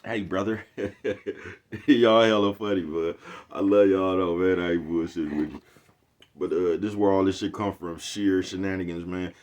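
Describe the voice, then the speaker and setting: Deep-voiced man rambling to his viewers. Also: steady tone, normal speed, a little mellow. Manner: repeats a catchphrase, chuckles often, slangy and profane. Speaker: YouTube host. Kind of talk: casual rambling monologue to viewers.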